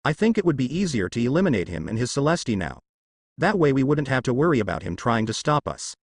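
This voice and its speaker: A man voicing a money-minded bounty hunter who talks bluntly and plainly. The read is animated and sits dry and close. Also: mid-range voice, fast talker, no room sound.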